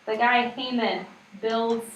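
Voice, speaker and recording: Lady teacher lecturing a class, kinda high voice, chatty, echoey classroom picked up from across the room with lots of noise. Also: steady tone, slow. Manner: casual, chatty explaining with many "like"s. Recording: echoey room, distant mic, noisy.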